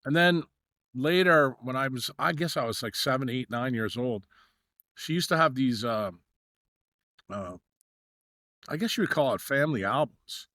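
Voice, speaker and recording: A middle-aged man from New York, a guest on a podcast, tells long, winding stories full of "uh" and "you know." He slips into the voices of the people in his tales. His voice sits at an ordinary pitch, and it is caught close and dry, with no room sound. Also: lively intonation, moderate pace, pauses often, sharp tone, no room sound. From New York, USA. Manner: rambling anecdotal telling with many fillers, acting out quoted dialogue. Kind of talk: storytelling in a podcast interview.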